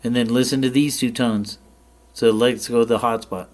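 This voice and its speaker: A man's voice: mid-range voice, moderate pace. Man casually walking through radio settings. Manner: plain, relaxed explaining with check-ins to the viewer. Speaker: ham radio tutorial host. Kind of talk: casual screen-share tutorial.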